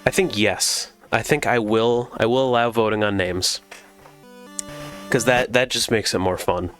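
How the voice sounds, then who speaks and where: A man streaming a video game, chatting casually and relaxed with his viewers. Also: fairly low pitch, unhurried, soft background music. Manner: relaxed, chatty, talks to chat.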